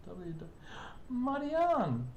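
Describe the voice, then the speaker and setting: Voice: huge pitch swings, extremely slow, darkish tone, dull audio. An older streamer, chatting casually with live viewers and greeting them by name. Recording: echoey room, faint rumble.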